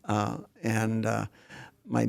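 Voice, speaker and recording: Telling his life story in a casual interview, this late-seventies northern South Dakota man, raised speaking German, reminisces slowly and often starts over. His lowish voice has vocal fry and a completely flat delivery, with no echo.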